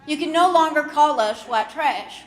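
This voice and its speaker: Folksy woman doing stand-up. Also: normal speed. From Kentucky, US. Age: 50s. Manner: folksy, self-mocking, bursts up high on punchlines. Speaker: stand-up comedian. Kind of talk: stand-up comedy set. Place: comedy club stage before a live audience. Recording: roomy live venue with audience noise.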